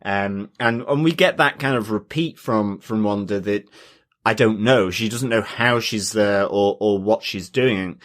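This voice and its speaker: A man co-hosting a podcast in casual chat, hesitant and halting with frequent ums. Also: lowish voice, fairly bright tone. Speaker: podcast co-host.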